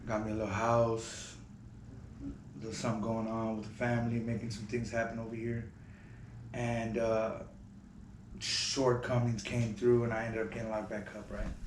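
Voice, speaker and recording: A man casually telling a story to camera in a relaxed, slangy way. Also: fairly low pitch, normal speed, slight background noise. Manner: relaxed, slangy, talks to viewers directly. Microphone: camera mic. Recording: roomy echo.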